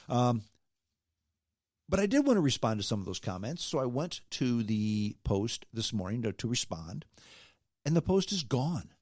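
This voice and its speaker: A man hosting his own podcast, delivering an emphatic, animated opinion rant and tagging his points with "okay?". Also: on the low side, no echo, clean studio sound. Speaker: podcast host.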